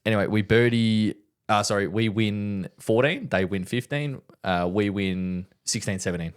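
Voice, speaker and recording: A man's voice: on the low side, moderate pace, clear, resonant tone. A young man on a casual podcast, telling a rambling story and checking in with "right?" again and again. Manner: rambling storyteller, full of "right?" and "like", laughs hard at his own story. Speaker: podcast co-host. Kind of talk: casual chat.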